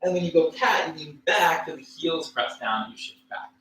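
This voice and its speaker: A man teaching a livestreamed yoga class, cueing poses and breaths in a relaxed, casual way with fillers and small jokes. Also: fairly high pitch, moderate pace. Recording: echoey room with faint ambient noise.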